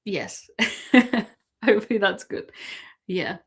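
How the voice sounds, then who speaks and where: English lady rambling through viewer questions on her stream, medium pitch, lots of little laughs. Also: normal speed, fairly bright tone. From England. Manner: chatty, answers viewer questions, laughs often. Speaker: cruise live-stream host. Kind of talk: casual live-stream Q&A.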